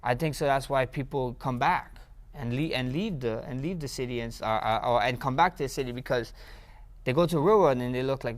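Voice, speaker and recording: A young man with a mid-range voice tells stories from his past in a casual interview. He talks loosely, repeats his words and trips over his phrasing, and he often jumps up in pitch and volume when he gets excited. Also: a little fast. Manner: rambling, repeats words, grows excited and loud. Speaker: interview guest, fighter.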